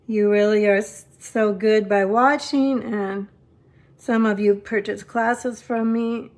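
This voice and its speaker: A woman's voice: on the high side, steady tone, slow pace. A middle-aged woman chatting through a live papercraft demonstration, rambling and openly thankful to her viewers. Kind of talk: live-stream craft demo chat.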